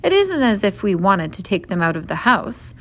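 A woman's voice: medium pitch, big pitch swings, normal speed, a bit bright. A woman reading aloud from a storybook and voicing a sensible, practical older schoolgirl in a prim, well-spoken manner.

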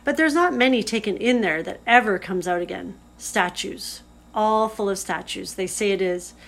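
A woman's voice: medium pitch, normal speed, vocal fry, a bit bright. A woman doing a gloomy rustic male beaver. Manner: earnest, rustic storyteller.

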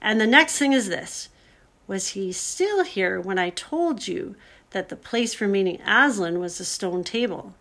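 A woman voicing an earnest, anxious male beaver in a storybook, speaking gravely with drawn-out, emphatic words. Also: medium pitch, expressive, fairly bright tone.

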